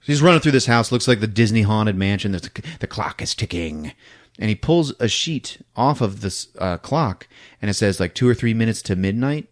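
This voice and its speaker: A man casually recapping a horror film on a podcast, acting out shouts and sound effects and laughing as he goes. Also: on the low side, moderate pace. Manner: animated retelling with acted-out shouts and sound effects; laughs often while talking. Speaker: podcast host.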